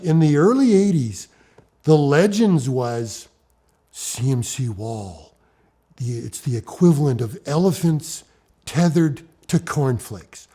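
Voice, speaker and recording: Brief: middle-aged man, mellow dark voice, animated storyteller who restarts his sentences. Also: on the high side. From Ontario, Canada. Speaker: rock climber interviewee.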